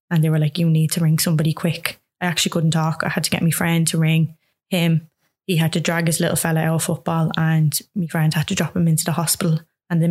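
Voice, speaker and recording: A woman's voice: low-pitched, a little mellow. A young woman telling a personal story in an interview, rambling with many fillers and acting out dialogue.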